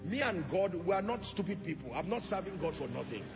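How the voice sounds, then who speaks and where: A man's voice: sits high, very animated, brisk, music in the background. A man preaching a sermon, impassioned, often swelling into sung, chanting phrases. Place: church hall. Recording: long church hall reverb.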